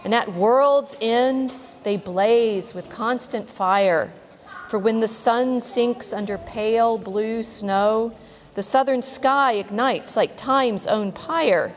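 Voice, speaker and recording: A woman's voice: fairly high pitch, takes it slowly, slight background noise. A woman voicing a teasing, wise male albatross in a storybook, speaking in singsong verse. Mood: solemn. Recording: long church reverb.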